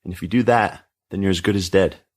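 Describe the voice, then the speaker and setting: A man's voice: low-pitched, fairly quick, darkish tone. A man voicing a stern, fearful mother who lectures her teenage daughter, read as a storybook scene. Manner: lecturing, controlling. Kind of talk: storybook reading.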